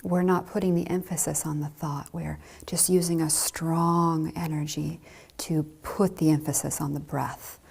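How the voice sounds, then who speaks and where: A woman Zen teacher gives a gentle dharma talk with light laughs. Her voice sits on the low side, husky and breathy, with a gravelly creak. She speaks very slowly. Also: little pitch movement.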